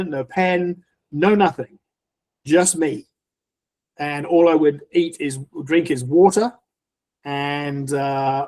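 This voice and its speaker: A middle-aged man with a somewhat raised pitch tells his personal story of faith as a podcast guest. He speaks earnestly and haltingly, often restarting his sentences as he searches for words. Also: a little mellow. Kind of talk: personal faith testimony in an interview.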